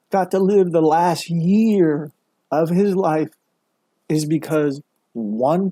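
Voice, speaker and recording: A man tells a story on a podcast with emphatic, earnest delivery, his voice dark and a little husky. The sound is dry and close, with no room sound around him. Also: a little high, slow, no room sound. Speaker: guest, mental health speaker.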